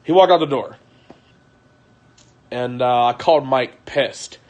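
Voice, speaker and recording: A man's voice: mid-range voice, slow pace, a little mellow, dull audio. Man telling a raw, agitated story. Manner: agitated storytelling, voice rising and falling sharply; frequent restarts and profanity. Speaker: vlogger. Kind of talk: emotional confessional monologue.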